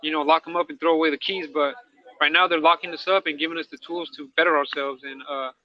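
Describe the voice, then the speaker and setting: A podcast co-host who is an incarcerated dog trainer talks fast in a slightly high voice with fairly even intonation. On a candid, casual talk show, he rambles in slang and keeps checking in with "right?" The recording has a dull, lo-fi sound.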